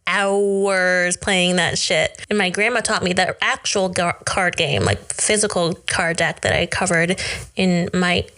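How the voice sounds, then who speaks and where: A woman in easygoing conversation on a podcast, trading jokes with her co-host. Her tone is relaxed, and she laughs easily as they talk. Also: lowish voice, measured pace. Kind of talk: casual chat.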